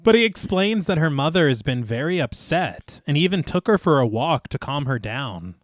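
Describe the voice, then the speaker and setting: Clean studio sound with no room noise carries this fairly high-pitched man at a normal speed. As host of a horror podcast, he narrates a movie's story energetically, then jokes around casually.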